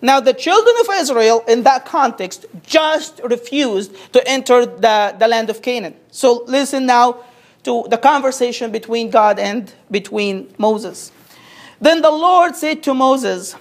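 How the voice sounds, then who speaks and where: A woman from Egypt preaching a sermon, animated as she acts out quoted speech and reading scripture slowly. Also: fairly high pitch.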